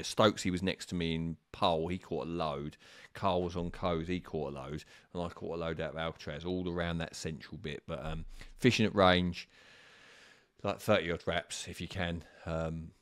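A man's voice: low voice, fairly even intonation, normal speed, dry recording, clean studio sound. A man on a live stream, answering viewers' carp fishing questions in a casual, rambling way with lots of ums and restarts.

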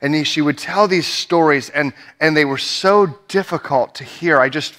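Young male pastor, slightly high voice, earnest storyteller with frequent "right?" check-ins. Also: normal speed, fairly bright tone. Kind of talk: sermon. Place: church sanctuary.

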